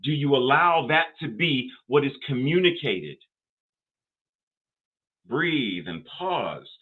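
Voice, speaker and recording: An older man preaches in a middle-pitched voice, stacking short repeated phrases that climb in emphasis. The sound is narrow and tinny, as if heard over a phone line. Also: expressive, takes it slowly, breathy edge. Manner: rhythmic, repetitive preaching with rising emphasis. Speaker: minister. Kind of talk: sermon. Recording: phone-like narrow band audio.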